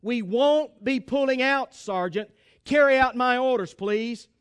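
Preacher doing a stubborn Union colonel. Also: male voice, very high-pitched, lively intonation, a little slow, fairly bright tone, no echo, heavily acted. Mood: sharp. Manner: grim, resolute.

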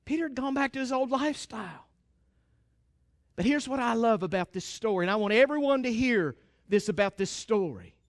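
A man's voice: very high voice, animated, a little fast, dry recording, studio quality. A man preaching a sermon with fervent emphasis, calling out to his congregation for amens.

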